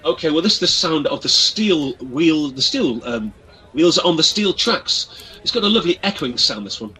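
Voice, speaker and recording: A man's voice: a little high, expressive, moderate pace, pushed and bright, breathy edge, low-quality recording. An Englishman with an English accent, chatting jovially on a radio show, addressing listeners as folks and stumbling over his restarts. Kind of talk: casual radio chat.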